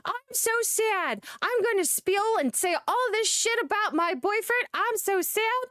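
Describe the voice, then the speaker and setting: A woman's voice: very high voice, lively intonation, a little slow, a bit bright, no echo, clean studio sound, voice pushed up, heavily acted. A woman mocking a whiny self-pitying girl. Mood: mocking whine. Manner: mocking sing-song whine.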